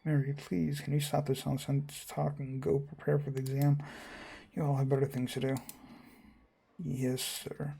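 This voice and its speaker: A man reading visual novel dialogue aloud, quick and stumbling, often restarting words. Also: mid-range voice, completely flat delivery, gravelly, dark tone, breathy edge. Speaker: gamer voicing a visual novel.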